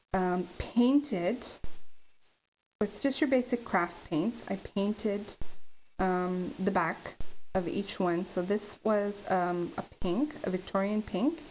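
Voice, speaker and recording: Woman, middle pitch, casual craft vlogger, halting and chatty, faint hiss. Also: a little mellow, rough recording. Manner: chatty, halting with many ums.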